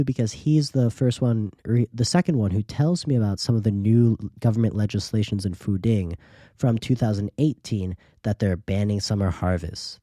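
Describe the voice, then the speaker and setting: A man's voice: lowish voice, dry recording, clean studio sound. A man hosting a podcast, telling a travel story in a casual way and acting out the people he met. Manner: lively anecdotal storyteller, acts out quoted dialogue. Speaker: podcast host.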